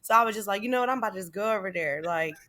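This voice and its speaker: A woman's voice: mid-range voice, rapid-fire, sharp tone. A young woman, a podcast guest, speaking candidly in casual conversation and acting out the lines of other people in her story.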